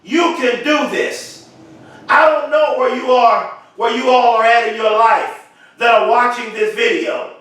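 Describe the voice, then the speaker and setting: A man giving an impassioned motivational speech, repeating phrases and swelling into shouts. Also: very high-pitched, a little slow. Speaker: motivational speaker. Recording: very echoey, voice far from mic.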